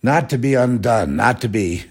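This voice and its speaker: A man's voice: mid-range voice, lively intonation, normal speed. A man hosting a rambling, sarcastic religious commentary talk.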